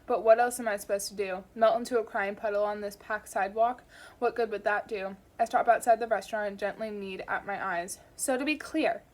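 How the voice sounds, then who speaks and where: Woman reading a novel aloud, wry and lively. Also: medium pitch, brisk. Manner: wry and lively, stumbles and comments on her slips. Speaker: audiobook reader. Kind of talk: casual home audiobook reading.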